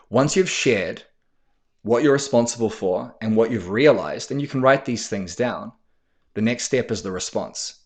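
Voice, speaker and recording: A man's voice: mid-range voice, lively intonation, normal speed. A man hosting a podcast, coaching men on talking with their partners in a direct, blunt way, swearing freely and acting out sample lines. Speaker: podcast host and men's coach. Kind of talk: casual instructional talk.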